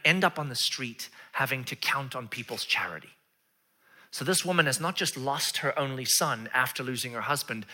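A man preaching a sermon, telling stories with playful asides and dropping to hushed whispers for quoted lines. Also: mid-range voice. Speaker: pastor.

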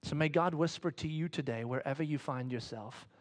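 Animated preacher, loud then whispered. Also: male voice, a little high, moderate pace, hardly any pauses. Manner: animated storytelling, swinging from loud excitement to hushed whispers; casual, chatty phrasing. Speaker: pastor. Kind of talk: sermon.

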